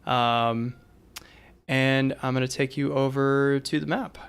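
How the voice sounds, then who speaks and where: A man's voice: medium pitch, steady tone, slow, smooth. A man narrating and running a tabletop game as dungeon master, chatty and giggly with many fillers.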